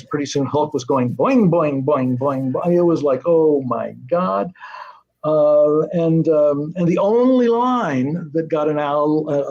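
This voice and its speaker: An older man, a guest on an interview show, telling anecdotes in an animated way and acting out the voices of people he quotes. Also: a little high. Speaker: guest, TV series creator. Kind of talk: anecdotal storytelling. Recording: muffled lo-fi audio.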